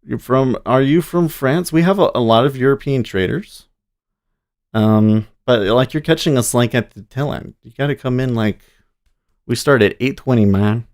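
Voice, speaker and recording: A man's voice: medium pitch, normal speed, a little mellow. A man hosting a day trading livestream, chatting casually and easily with his viewers and chuckling often. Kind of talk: casual live-stream chat.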